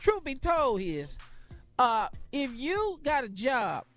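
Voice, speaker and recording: A radio show regular rambling through a comic rant, chuckling as he goes. His pitch moves a lot, and faint music plays behind him. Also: huge pitch swings, slow pace, fairly bright tone.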